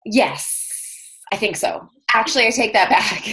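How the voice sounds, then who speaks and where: A woman's voice: medium pitch, lively intonation, slow, sharp tone, slight background noise, low-quality recording. A woman hosting a group video call from her house, chatting casually and laughing often through a laptop mic. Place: room in her newly moved-into house.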